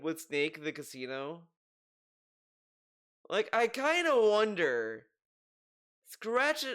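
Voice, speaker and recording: A man with a high-pitched, smooth and resonant voice talks through his commentary in a loose, rambling way. His tone stays mocking and sarcastic as he picks apart what he has watched. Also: fairly bright tone. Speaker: commentary youtuber. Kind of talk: video commentary.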